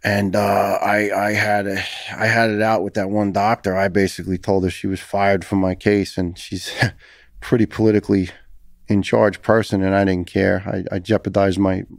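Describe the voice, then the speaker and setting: Gravelly low-voiced man telling his story. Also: flat delivery, moderate pace, no room sound. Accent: New York. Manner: earnest, emotional retelling with repeated restarts. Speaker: guest, former firefighter. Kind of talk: conversational podcast storytelling.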